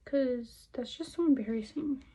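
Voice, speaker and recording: A young woman with a slightly high voice talks through her makeup routine in loose, profane chat. She rambles from one topic to the next and now and then drops to a murmur or half-whisper. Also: a little slow, mellow, slightly rough, rough recording. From California. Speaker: beauty vlogger. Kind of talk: casual chat while doing makeup.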